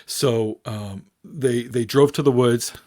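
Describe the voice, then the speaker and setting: A man's voice: mid-range voice, slow pace. A man, a paranormal researcher guest, telling a story in casual chat and acting out the people in it. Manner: animated storyteller acting out quoted voices.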